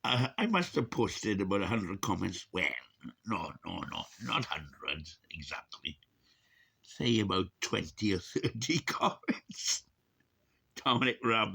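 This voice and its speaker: A man's voice: lowish voice, very animated, measured pace, creaky, pushed and bright, breathy edge. A man in his sixties talks in a rambling, casual vlog monologue, chuckling and cursing, his speech slightly unclear from missing teeth. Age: 60s. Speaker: vlogger.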